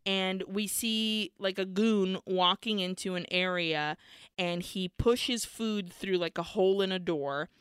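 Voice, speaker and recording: Bright, crisp-voiced woman podcast co-host. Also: mid-range voice, unhurried, dry recording, clean studio sound. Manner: animated storytelling with swearing and acted quotes. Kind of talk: casual chat recapping a film.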